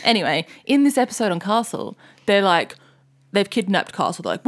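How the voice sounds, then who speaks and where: A woman co-hosting a podcast, chatting in a relaxed, sweary way. She tells a long story, now and then jumping into loud impressions of outraged fans. Her voice sits at an ordinary middle pitch. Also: a little fast. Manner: storytelling, loose and swear-heavy, mimics angry fans in loud outbursts. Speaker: podcast co-host. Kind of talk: casual chat.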